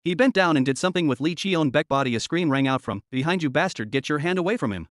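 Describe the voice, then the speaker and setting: Guy reading a comic recap, talks fast, slightly high voice, dry sound. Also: animated, dry recording. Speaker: narrator. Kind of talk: story recap narration.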